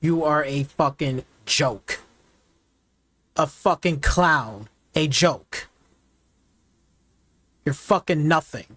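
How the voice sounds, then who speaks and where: A man's voice: fairly high pitch, very slow, pauses often, fairly bright tone, no room sound. A man hosting a gaming channel who gives a profane, mocking and repetitive rant in reaction to game footage. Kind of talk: ranting game reaction commentary.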